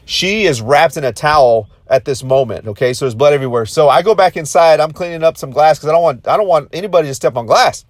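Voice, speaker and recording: A man in his thirties telling a story to his viewers, intense and excitable, often repeating and restarting his phrases. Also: a little high, fast talker, hardly any pauses, no room sound. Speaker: motivational vlogger.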